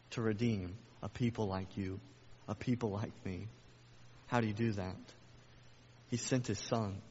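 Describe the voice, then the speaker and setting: A man's voice: on the low side, a little mellow. A man preaching a sermon as a pastor, emphatic, with repeated phrases and rhetorical questions. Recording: echoey hall, dull lo-fi sound.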